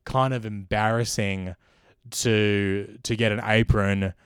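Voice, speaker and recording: A man's voice: lowish voice, flat delivery, slow, smooth, no echo, studio quality. A man with an Australian accent, hosting a satirical comedy podcast monologue in a sardonic, ranting manner. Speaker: comedian host.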